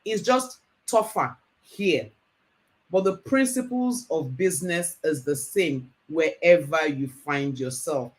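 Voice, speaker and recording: A woman's voice: deep voice, animated, takes it slowly. A woman hosting a business talk show, emphatic and enthusiastic. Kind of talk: interview hosting.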